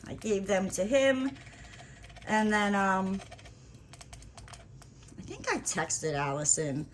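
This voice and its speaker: A woman chatting casually while she crafts, rambling through an animated story full of "like" and acted-out dialogue. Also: medium pitch, slow, slight background noise. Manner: acts out quoted dialogue. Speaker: crafting vlogger. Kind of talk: casual chat while diamond painting.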